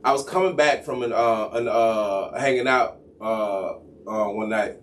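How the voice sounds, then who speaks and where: A man's voice: on the low side, measured pace, distant mic, a little hiss or hum. A man telling a long profane story in casual chat, acting out the voices of each person in it. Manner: animated, profane, acts out both sides of a story. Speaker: podcast co-host.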